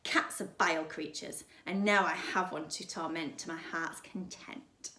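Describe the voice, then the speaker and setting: A woman reading a story aloud, voicing a spoiled little girl who turns cruel, her voice dropped lower into a snarl. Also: steady tone, measured pace, bright, forceful tone, echoey room. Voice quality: deeper snarling tone.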